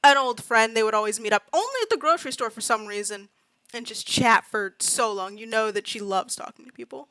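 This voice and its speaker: A woman narrating as game master of a tabletop role-playing game, chatty and animated, now and then slipping into townsfolk voices. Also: a little high, fairly quick, no room sound, poor audio.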